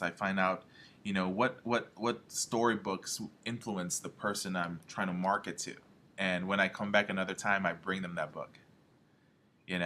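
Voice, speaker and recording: A man's voice: sits low, pushed and bright, a little hiss or hum. A man leading a motivational marketing training talk in an emphatic way, often checking in with "all right?" and "okay?". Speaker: home health marketing trainer.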